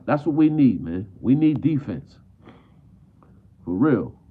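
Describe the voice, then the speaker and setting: A man's voice: mid-range voice, sing-song, takes it slowly. A man ranting as a frustrated basketball fan on a live stream. He repeats himself and drops "man" at the end of almost every line. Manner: frustrated, repetitive, peppers talk with "man". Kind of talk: live stream sports rant. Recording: tinny phone-like audio.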